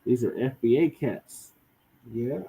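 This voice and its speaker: A man hosting a podcast in casual chat, unhurried and repeating himself as he goes. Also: medium pitch, slightly rough. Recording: slightly dull, muffled sound.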